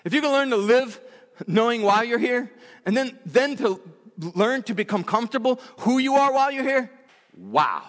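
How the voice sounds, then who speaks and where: A man's voice: very high voice, sing-song, normal speed, fairly bright tone, in a large hall. A man preaching a sermon in a church, emphatic and repetitive, often restarting his phrases.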